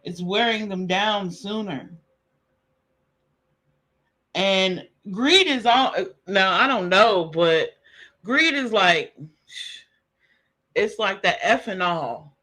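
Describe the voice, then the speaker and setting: A man streaming casual commentary, relaxed and slangy, laughing often as he reacts to a clip. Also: high voice, slow pace, pauses often. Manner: laid-back, laughing, slangy banter. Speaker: streamer reviewing a live stream.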